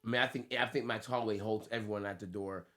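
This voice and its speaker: A man's voice: on the low side, steady tone, quick pace, sharp tone. A man from the United States, a fighter co-hosting a podcast, chatting casually with loose, laughing, swearing banter.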